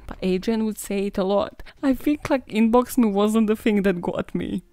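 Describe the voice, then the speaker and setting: A woman's voice: medium pitch, moderate pace, few pauses, a little mellow, no echo. A young woman hosting a true crime podcast, sarcastic and swearing freely, laughing at her own jokes. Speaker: podcast host.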